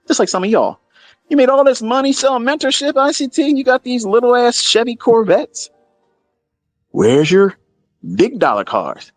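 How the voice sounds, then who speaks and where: A man's voice: extremely high pitch, huge pitch swings, normal speed, no room sound, faint music behind. A middle-aged man telling a casual story to his audience in a blunt, profane, mocking way. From Maryland, USA. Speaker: trading educator.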